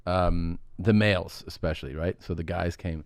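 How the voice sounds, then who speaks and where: A man co-hosting a casual podcast, telling stories with animated bursts of high laughter. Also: normal speed, no room sound, studio quality. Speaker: podcast co-host.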